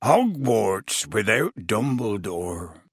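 A man doing Hagrid, a slow gruff giant. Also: medium pitch, big pitch swings, pushed and bright, no echo, clean studio sound, exaggerated voice. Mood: tearful. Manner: rustic dialect, slow and tearful. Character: huge grieving gruff half-giant groundskeeper.

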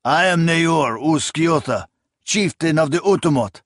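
A man's voice: a little high, animated, a little slow, a bit bright, no echo, studio quality, voice pushed up. A man voicing a fierce, arrogant barbarian chieftain who speaks bluntly with a thick foreign accent. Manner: blunt, terse.

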